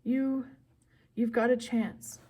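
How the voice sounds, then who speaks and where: A woman voicing a clever teenage girl who talks in a brisk, urgent, matter-of-fact way, pitched a bit higher than her narration. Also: little pitch movement, dark tone.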